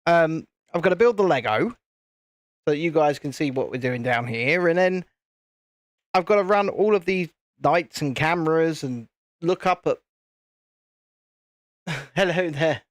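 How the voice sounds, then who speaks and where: British male streamer, rambling chat, slightly high voice, dry close sound. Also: normal speed, no room sound. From United Kingdom. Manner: chatty, rambling, reads viewer chat aloud. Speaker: livestream host. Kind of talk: casual live stream chat while building. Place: home streaming setup with cameras and lights.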